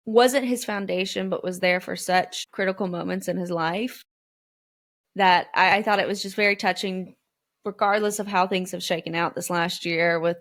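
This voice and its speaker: A woman co-hosting a podcast, walking through a race in casual chat and acting out quotes with feeling. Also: on the low side. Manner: animated storyteller, acts out quotes. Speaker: podcast co-host.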